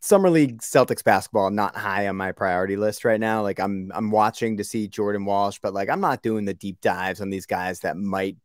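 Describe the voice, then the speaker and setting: A man's voice: fairly low pitch, normal speed, few pauses, no room sound, clean studio sound. A man from the Boston area co-hosting a sports podcast, laid-back and rambling with lots of fillers. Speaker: podcast co-host. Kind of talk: casual sports podcast chat.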